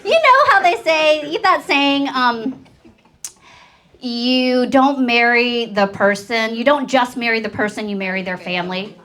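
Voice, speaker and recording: A woman's voice: on the high side, a little slow. A woman in her thirties doing a stand-up comedy set on stage, telling stories and acting out the quotes. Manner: animated storytelling with acted-out quotes. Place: comedy stage before a live audience. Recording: laughing crowd in the room. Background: audience laughter.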